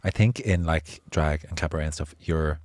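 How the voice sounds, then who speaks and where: A man with a very low voice co-hosting a casual podcast chat, cheeky and playful as he teases his guests. The sound is dry and close, with no room around it. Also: moderate pace, darkish tone, dry recording. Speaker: podcast co-host, comedian.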